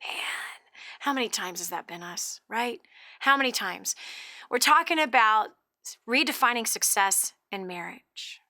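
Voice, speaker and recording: A woman radio host with an earnest, conversational delivery and a bright, high-leaning voice. She often doubles her words as she restarts a thought. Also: lively intonation, measured pace. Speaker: radio talk show host.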